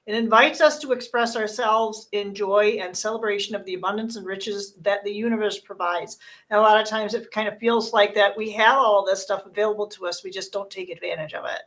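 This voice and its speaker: A woman in mid pitch talks a guest through her oracle cards, earnest and reassuring. She circles back and restarts her phrases as she reads, in a relaxed conversational tone. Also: fairly quick. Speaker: host giving a card reading. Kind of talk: casual spiritual card reading.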